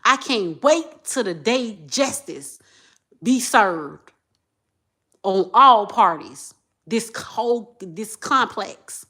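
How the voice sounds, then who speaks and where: A woman, talking straight to her viewers in an emotional monologue. She repeats herself and swings from low muttering to loud outbursts. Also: expressive, slow. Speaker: vlogger.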